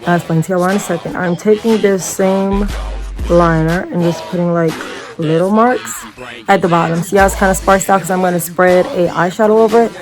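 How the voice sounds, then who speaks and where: A woman's voice: fairly low pitch, steady tone, brisk, music in the background, poor audio. Chatty woman doing a makeup tutorial. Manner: chatty, rambling, addresses viewers as y'all. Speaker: makeup vlogger. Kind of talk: casual makeup tutorial chat.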